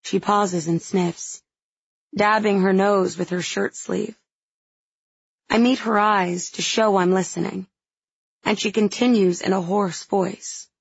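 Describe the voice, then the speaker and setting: Female audiobook narrator, first-person fantasy, intimate and unhurried, with a husky, gravelly voice. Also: medium pitch, steady tone, dry recording, lo-fi sound.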